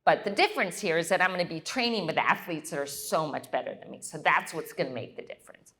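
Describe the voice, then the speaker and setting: Animated woman telling a story. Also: low voice, fast talker. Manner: animated, acts out quoted voices. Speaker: guest speaker.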